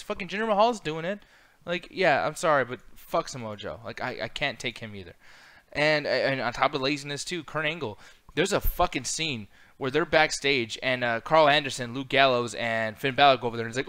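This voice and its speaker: A man with a bright, forceful voice rants through a casual wrestling review. He swings between flat disgust and sudden loud outbursts, swearing constantly, his tone sharp and cutting. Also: medium pitch, a little fast. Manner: exasperated, ranting, heavy swearing. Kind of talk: casual profane review chat.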